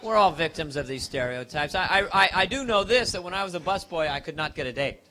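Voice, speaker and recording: A man on a comedy club stage riffs playfully and teases the crowd. His voice sits high for a man and rings bright, with a faint hum of room noise around him. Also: expressive, quick pace. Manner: rambling, playful, teasing the crowd. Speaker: stand-up comedian. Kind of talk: live stand-up comedy set.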